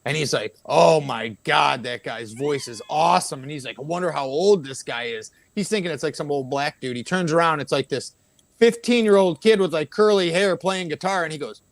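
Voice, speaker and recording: Animated, swearing man telling stories. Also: on the high side, fairly quick. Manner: animated, profane storyteller acting out quotes. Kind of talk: casual chat, anecdote telling.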